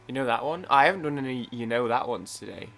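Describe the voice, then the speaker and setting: A young man commenting casually on his own gameplay, rambling and excitable, with frequent restarts. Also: medium pitch, fast, creaky. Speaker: gaming YouTuber. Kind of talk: casual let's-play commentary.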